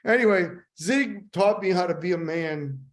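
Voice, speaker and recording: An older man reminisces in a loose, rambling way, slipping into lively impressions of the people he talks about. His voice sits a little high for a man. He is a sales trainer chatting as a guest. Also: moderate pace. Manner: animated, rambling anecdotes with voice impressions. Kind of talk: casual storytelling.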